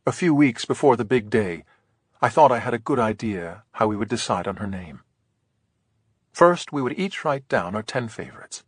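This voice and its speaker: A man narrating an audiobook in a soft, whispered storytelling way, gentle and unhurried, close to the mic. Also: fairly low pitch, big pitch swings, slightly rough, dry recording.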